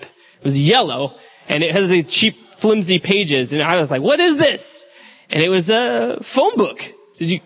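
A man's voice: high voice, fairly bright tone. A man, the church's pastor, chatting to the congregation as he introduces a guest speaker. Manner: conversational, addresses the crowd directly.

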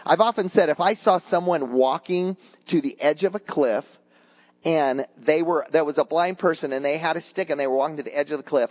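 An older man preaching a conversational sermon, telling anecdotes to his congregation. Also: on the high side. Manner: animated storytelling, acts out voices in anecdotes; conversational, addresses congregation as guys. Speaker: pastor.

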